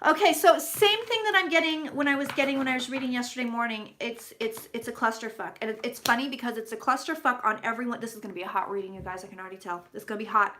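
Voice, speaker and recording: A woman's voice: a little high, fast talker, sharp tone. A woman hosting a casual live-stream tarot reading, chatty and profane, greeting viewers by name as she talks. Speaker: psychic tarot reader.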